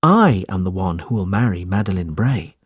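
A man's voice: sits low, sing-song, moderate pace, husky, no echo, clean studio sound, heavily acted. A man voicing an earnest, brave young man in a storybook reading, urgent and sincere.

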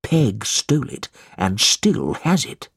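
A man voicing a scheming old moneylender in a storybook reading, with a slow, drawn-out, high-pitched whine. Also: sing-song, vocal fry, a bit bright, breathy edge, no room sound, studio quality, full character voice. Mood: aggrieved.

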